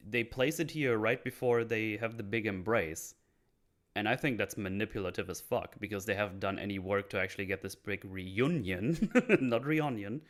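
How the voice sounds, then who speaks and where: A man talking casually on a podcast, breaking down a TV episode, animated and swearing often. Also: fairly low pitch, moderate pace. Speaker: podcast host. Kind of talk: casual show breakdown chat.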